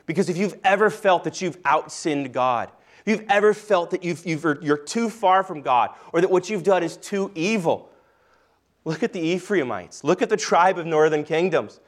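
A man preaching a sermon, reading scripture aloud and slowing down and softening his voice to stress key points. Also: on the high side, animated. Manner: earnest preaching, slows and softens for emphasis. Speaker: pastor.

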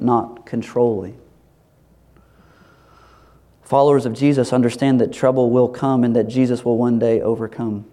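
A pastor preaching a sermon in a lively, animated way, acting out voices as he tells the story. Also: mid-range voice. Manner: animated, acts out quoted voices, laughs.

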